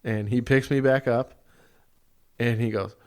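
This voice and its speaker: A man's voice: medium pitch, steady tone, a little slow, darkish tone. A man co-hosting a podcast in casual chat, teasing and cutting in with questions. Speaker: podcast co-host.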